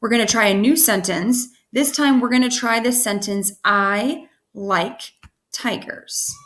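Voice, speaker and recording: Chatty woman teacher sounding out words. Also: fairly high pitch. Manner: chatty, repeats "okay?" to check in, sounds out letters slowly. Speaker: kindergarten teacher. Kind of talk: casual teaching walkthrough for parents.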